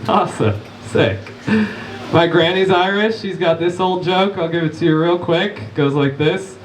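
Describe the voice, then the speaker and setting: Male stand-up in his thirties: quick one-liners and crowd work, voice pitched fairly high, echoey club, mic picked up from afar. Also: slight background noise. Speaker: stand-up comedian. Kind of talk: live stand-up set. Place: comedy club stage, live audience. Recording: echoey club room, distant capture.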